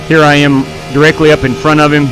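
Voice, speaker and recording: A man's voice: fairly high pitch, flat delivery, fast talker. A man hosting a live sim-racing stream, casually commenting on replays and frankly owning his own mistakes. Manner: candid, self-blaming, talks as he rewinds replays. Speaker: stream host and league race director.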